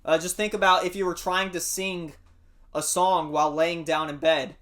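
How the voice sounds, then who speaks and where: A man teaching a singing warm-up lesson, explaining patiently and singing short demonstrations. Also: fairly high pitch, little pitch movement, normal speed. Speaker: music teacher.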